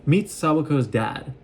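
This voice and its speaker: A man casually recapping a show in an excitable, rambling way, often acting out what the characters say. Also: a little high, slight background noise. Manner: excitable, gushing, acts out quoted lines. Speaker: vlogger recapping an anime.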